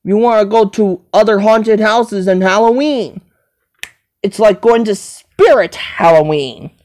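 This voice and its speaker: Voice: mid-range voice, unhurried, a little mellow. A person rambling to themselves on a home video, repeating and listing things over and over. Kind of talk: rambling self-talk monologue.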